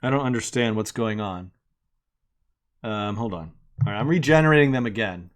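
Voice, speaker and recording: A man's voice: lowish voice, moderate pace. A man hosting a live coding stream, casually thinking aloud and narrating each step as he works from an attic room.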